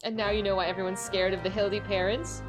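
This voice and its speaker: A woman streaming a game, chatting casually in a giggly, animated way. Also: medium pitch, quick pace, over music.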